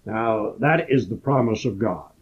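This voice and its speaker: Man, husky voice, Bible teacher, slow emphatic scripture reading, thin phone-like sound. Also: on the low side. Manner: reads scripture slowly and emphatically, then explains. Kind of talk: radio Bible study. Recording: tinny phone-like lo-fi audio.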